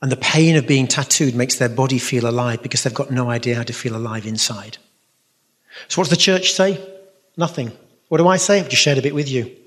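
A man's voice: mid-range voice, a little fast, fairly bright tone. A man answering audience questions as a Catholic speaker and musician, telling stories in an earnest, rambling way with many asides. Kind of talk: storytelling talk with audience Q&A. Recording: reverberant hall.

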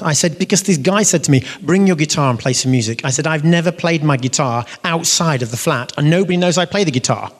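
Animated man preaching in a reverberant hall. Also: a little high, quick pace, hardly any pauses. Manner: animated, acts out quoted voices. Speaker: speaker giving a faith talk. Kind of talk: storytelling sermon.

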